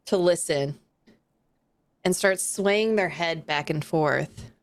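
A woman running a tabletop game, narrating scenes at a very slow, deliberate pace. Her voice has a gravelly edge and sounds dry and close. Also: lowish voice, dry recording. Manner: descriptive, unhurried storytelling. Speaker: game master.

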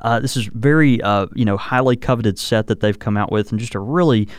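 A man with a smooth, resonant voice, co-hosting a relaxed podcast and rambling along with plenty of "uh" and "you know." The sound is dry and close to the mic, with no room around it. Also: lowish voice, fairly quick, no room sound. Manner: rambling, many fillers and restarts. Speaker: podcast co-host. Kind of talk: casual chat about pipes.

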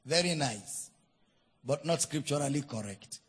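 A man with a Nigerian accent preaching a sermon, teaching with deliberate emphasis and spelling out words. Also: medium pitch, animated, slightly rough. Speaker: pastor.

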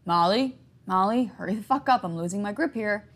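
Impatient teenage boy, urgent and loud, read by a woman. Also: medium pitch, normal speed, gravelly, slightly rough. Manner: shouting, urgent.

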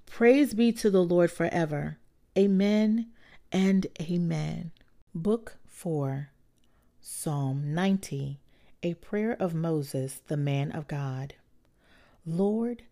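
A woman giving a measured, earnest Bible reading. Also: low-pitched, dark tone. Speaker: Bible reader. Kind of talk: scripture reading.

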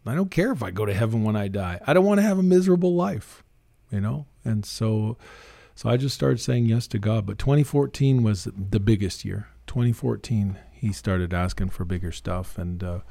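Homem canadense de voz grave e rouca, fala sincera. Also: male voice, lowish voice, moderate pace, creaky, dark tone, dry recording. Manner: earnest, emphatic, quotes others in changed voice. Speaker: guest, preacher. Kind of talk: casual interview storytelling.

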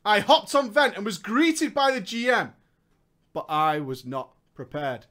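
A man's voice: sits high, expressive, measured pace, sharp tone. A young man telling a comedic gaming story in a sarcastic, joking manner, often laughing.

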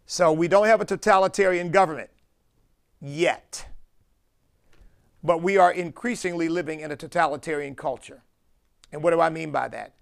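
A man from the United States preaching a sermon as pastor, driving his points home with slow, emphatic stresses on key words. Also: fairly high pitch, creaky, smooth.

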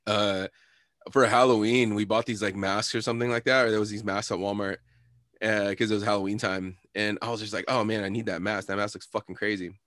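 Laid-back young man, low voice. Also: little pitch movement, brisk, a bit bright, no echo, studio quality. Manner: laid-back, laughing, swearing. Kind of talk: casual storytelling chat.

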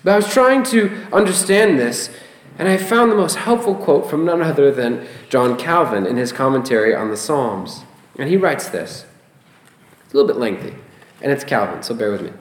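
A man preaching a sermon as a pastor, expressive and emphatic, often asking rhetorical questions. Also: medium pitch, normal speed. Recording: roomy echo.

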